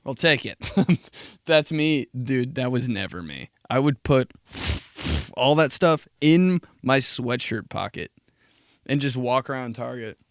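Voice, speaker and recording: Gravelly, laid-back young man rambling. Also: mid-range voice, expressive, unhurried, no echo, clean studio sound. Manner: rambling, laughing, profane storytelling. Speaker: podcast host. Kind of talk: casual solo podcast monologue.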